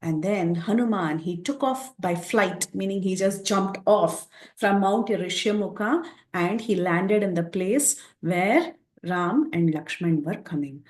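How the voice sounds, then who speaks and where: A woman leads a scripture lesson, telling the story in an animated way and acting out its dialogue. Her mid-pitched voice carries a roomy echo. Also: unhurried. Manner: animated retelling with quoted dialogue. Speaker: teacher of scripture.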